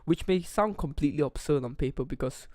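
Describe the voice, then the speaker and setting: A man's voice: a little high, brisk, darkish tone, no echo. A young man narrating a scripted music album review, enthusiastic and detailed, into a condenser studio microphone at home.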